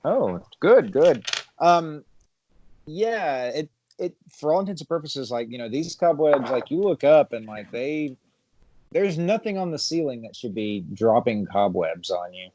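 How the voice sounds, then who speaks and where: A man narrates a tabletop horror game as its game master, his voice sitting at an ordinary middle pitch. He talks in halting stretches full of ums and little chuckles. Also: animated, a little mellow, muffled recording, slight background noise.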